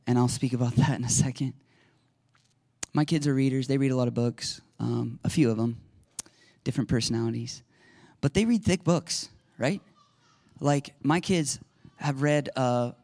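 A middle-aged male pastor preaching a conversational sermon that swings into loud, excited shouting. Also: mid-range voice, no echo.

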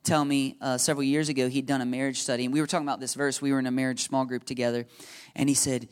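A man from the United States preaching a sermon in an animated, joking way, often checking in with his listeners. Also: mid-range voice, racing, clean tone. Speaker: pastor.

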